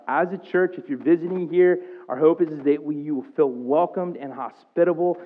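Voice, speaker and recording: Energetic male pastor on a tinny line. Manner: energetic, conversational preaching that rises in pitch and volume. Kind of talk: sermon. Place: church. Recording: tinny phone-like sound.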